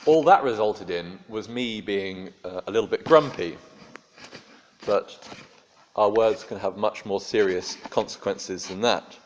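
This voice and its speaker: Low-voiced man preaching a sermon. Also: a little slow, slight background noise. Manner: conversational storytelling with dry humor. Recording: dull lo-fi sermon recording.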